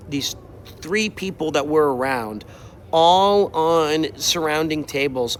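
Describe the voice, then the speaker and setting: A young man casually telling a travel story while walking outside, animated and exasperated, acting out quotes. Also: fairly high pitch, a little hiss or hum. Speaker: streamer. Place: outdoors, walking. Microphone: mobile mic while walking.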